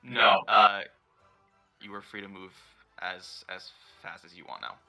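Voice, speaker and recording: Bright-voiced male dungeon master. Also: on the low side, a little slow, faint music behind. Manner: relaxed, laughs easily, many fillers. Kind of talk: narrating a tabletop game.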